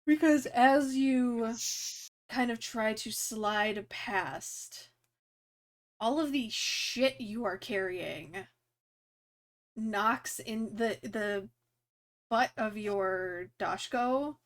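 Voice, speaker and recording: A woman running a tabletop game as game master, narrating scenes and calling for rolls in a relaxed way with frequent laughter. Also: a little high, extremely slow, long pauses.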